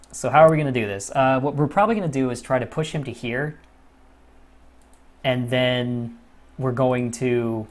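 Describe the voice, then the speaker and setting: A man runs his gaming channel with laid-back let's-play talk, cursing without restraint. He drifts from under-the-breath grumbling to sudden frustrated shouts.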